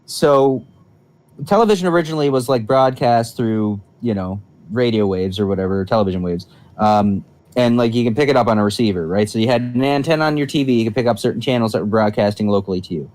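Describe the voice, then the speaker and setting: A man's voice: mid-range voice, fast talker, darkish tone. Young male co-host from the US, loose rambling delivery, everyday mid voice. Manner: rambling, filler-heavy explaining. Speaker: podcast co-host. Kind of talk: casual chat.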